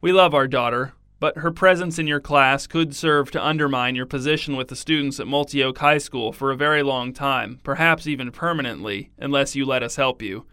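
An overbearing middle-aged father, read aloud by a man, formal and measured. The voice is smooth and resonant, close and dry. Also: mid-range voice, bright, forceful tone, dry recording, natural voice. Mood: pushy.

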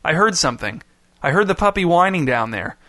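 A man voicing an excitable, anxious young boy in a storybook reading, his voice pitched high and strained. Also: a little fast, no room sound, clean studio sound. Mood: desperate.

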